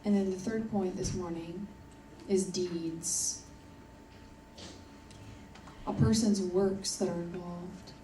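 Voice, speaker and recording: A woman's voice: lowish voice, steady tone, takes it slowly, long pauses, noisy background. Woman preaching in a roomy church. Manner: earnest, emphatic, repeats key points. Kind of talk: sermon. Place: church hall. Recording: roomy church audio from a distance.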